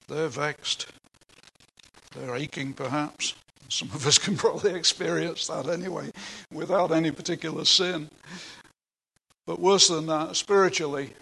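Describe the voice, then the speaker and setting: A man's voice: a little high, vocal fry, bright, forceful tone, slightly rough, poor audio. An older man preaching a sermon, earnest and emphatic, explaining scripture in plain words with a few asides. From England.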